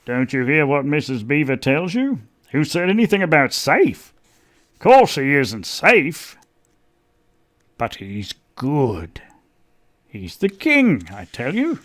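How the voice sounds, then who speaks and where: Storybook beaver, male, hearty and jolly, voiced by a man, raised pitch, lively booming delivery. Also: takes it slowly, long pauses, exaggerated voice. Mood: emphatic. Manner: booming, laughing, emphatic.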